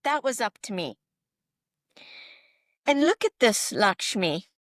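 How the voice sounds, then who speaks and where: A middle-aged woman physician telling stories in a podcast interview, animated and emphatic, often checking in with her listener. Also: mid-range voice, takes it slowly, no echo, studio quality. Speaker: physician guest.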